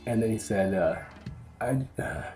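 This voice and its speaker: A man who reviews hot sauces, giving a heartfelt spoken tribute to a friend in a subdued, halting way. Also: fairly low pitch, lively intonation, darkish tone, faint music behind.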